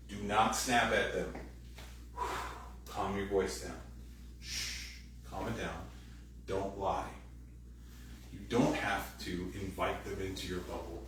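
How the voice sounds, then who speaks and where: A man preaching a sermon from some distance off the mic, his voice ringing around a very reverberant hall. He talks in a loose, joking way and slips into put-on voices to act out little scenes. A faint hum of room sound sits behind him. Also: fairly low pitch. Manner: casual, joking, acts out quoted voices. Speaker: pastor. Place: church sanctuary.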